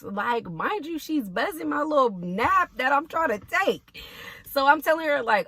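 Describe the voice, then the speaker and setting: Woman, nursing assistant, storytime vlog, blunt, sassy, fairly high voice. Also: sing-song, a little slow, sharp tone, no echo. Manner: sassy, blunt, swears freely, talks to viewers as y'all.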